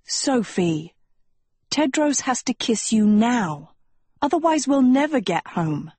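A woman's voice: on the high side, sing-song, takes it slowly, a little mellow, breathy edge, no echo, pitched above the performer's own voice, exaggerated voice. A woman voicing a blunt, impatient young girl who explains things with exasperation. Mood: exasperated.

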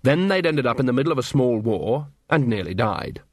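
A man reading a fantasy audiobook in steady scripted narration. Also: mid-range voice, a little fast, no echo, clean studio sound.

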